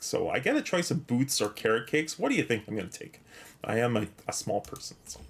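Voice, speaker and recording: A man's voice: medium pitch, wildly swooping pitch, a little fast, gravelly. Rambling, grateful male game streamer. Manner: rambling, many fillers and restarts, reads chat and quest text aloud. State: a little out of breath. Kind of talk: casual live-stream chat.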